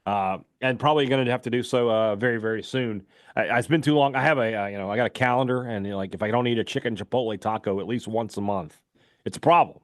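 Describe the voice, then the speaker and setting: A man's voice: on the low side, fast talker, no room sound, studio quality. A man hosting a sports talk radio show, reading sponsor ads in a loose, chatty way full of fillers. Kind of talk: casual radio talk with live ad reads.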